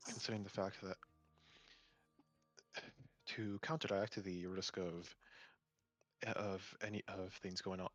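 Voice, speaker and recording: A man playing a tabletop role-playing game, explaining his character's plan in halting speech full of fillers and restarts. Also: deep voice, a bit bright, dry recording.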